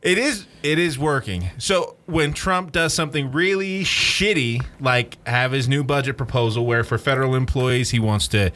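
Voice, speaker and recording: A man's voice: mid-range voice, normal speed, hardly any pauses, a bit bright, slight background noise. A man co-hosting a casual podcast, venting with exasperation. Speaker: podcast co-host.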